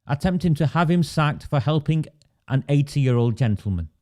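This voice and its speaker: A man's voice: on the high side, expressive, normal speed, warm tone. A man hosting a political livestream, emphatic and indignant, stopping to answer viewer comments. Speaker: livestream host.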